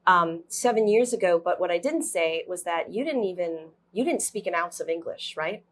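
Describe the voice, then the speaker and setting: Woman host, casual interview, encouraging questions, lowish voice. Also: lively intonation, moderate pace.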